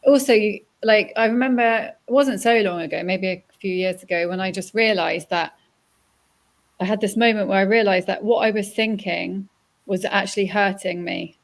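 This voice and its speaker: A woman's voice: medium pitch, moderate pace, vocal fry. A woman hosting a conversational interview, chatty and reflective. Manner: chatty, reflective, laughs easily. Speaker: podcast host.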